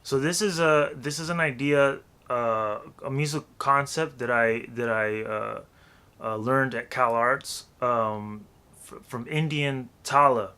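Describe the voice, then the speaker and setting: A man's voice: medium pitch, measured pace, bright, forceful tone, clean tone. A man teaching how to rap in a loose, chatty way, counting beats aloud and scatting rhythms. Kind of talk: casual music lesson.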